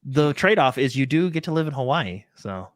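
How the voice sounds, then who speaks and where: A man's voice: mid-range voice, moderate pace, no echo, clean studio sound. Laid-back man hosting a gaming podcast. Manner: relaxed, lots of filler and uh. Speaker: podcast co-host. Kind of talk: casual gaming podcast chat.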